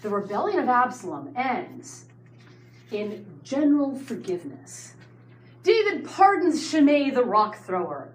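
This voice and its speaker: A woman's voice: a little high, a little slow. Woman telling a Bible story in class. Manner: lively storytelling, asides to the class. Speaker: Bible study teacher. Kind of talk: Bible study lecture. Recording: roomy room with faint noise.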